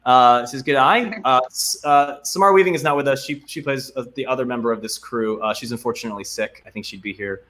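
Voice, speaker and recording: A young man speaks from home over a video call, and his voice comes through bright and clear. He reads donor names with plenty of uhs and ums and thanks each one warmly. The pitch sits in a middle range for a man. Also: fast talker, hardly any pauses. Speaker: guest actor. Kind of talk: casual video-call chat.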